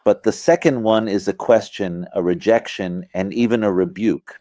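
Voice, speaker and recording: Man, middle-aged, casual religious lesson, mellow dark tone, keeps asking "you get it", acts out lines. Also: lowish voice, fairly even intonation, moderate pace, no room sound. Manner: conversational, asks listeners "you get it?"; acts out phrasings with vocal emphasis. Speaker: religious teacher. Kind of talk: informal explanatory lecture.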